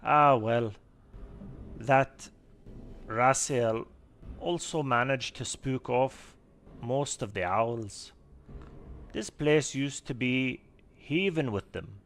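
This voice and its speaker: A man's voice: medium pitch, extremely slow, long pauses, a bit bright, a little hiss or hum, pitched above the performer's own voice. A man voicing a fussy female gnome owl keeper in a put-on Scottish accent that slips into Irish. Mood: fussing. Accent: put-on Scottish with Irish mixed in.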